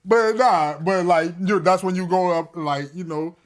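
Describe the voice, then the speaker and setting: Young male podcast co-host, New Orleans accent, easygoing drawl, slightly high voice. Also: measured pace. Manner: laid-back, drawling, keeps asking "you feel me?". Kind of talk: casual chat.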